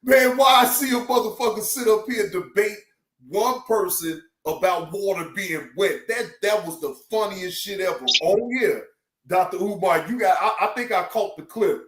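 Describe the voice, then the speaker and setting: Male live-stream host, high-pitched, animated and profane, roomy sound. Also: normal speed. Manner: animated, loud laughter, profane. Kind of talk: casual live-stream chat.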